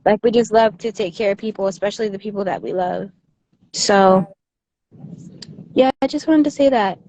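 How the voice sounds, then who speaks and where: A woman's voice: medium pitch, normal speed, mellow. A woman calling into a livestream, rambling in casual chat and saying "like" often. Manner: rambling, heavy use of "like". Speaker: guest caller on a livestream. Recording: dull lo-fi call audio with faint noise.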